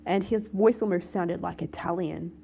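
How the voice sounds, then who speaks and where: Gravelly low-voiced woman rambling casually. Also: moderate pace, warm tone, a little hiss or hum. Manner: rambling, full of "like" fillers, emphatic. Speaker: vlogger. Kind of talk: casual monologue to camera.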